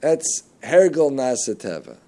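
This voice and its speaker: A man giving a religious lesson, telling jokes and stories, with animated jumps in pitch on key words. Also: takes it slowly. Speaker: Torah teacher.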